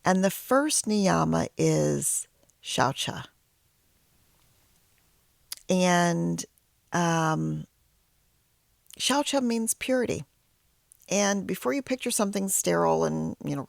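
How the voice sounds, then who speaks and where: A woman host and yoga teacher in training, telling a personal story and teaching in a candid, self-deprecating conversational way with quiet whispered asides. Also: lowish voice, animated, a little slow, vocal fry, pauses often, no room sound, clean studio sound.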